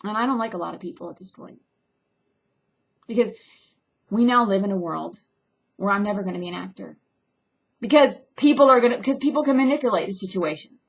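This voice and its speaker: A young woman, an actress, speaking bluntly and intensely in an emotional personal vlog monologue, with sudden swings between loud and soft. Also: mid-range voice, brisk, vocal fry, pauses often. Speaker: actress and filmmaker.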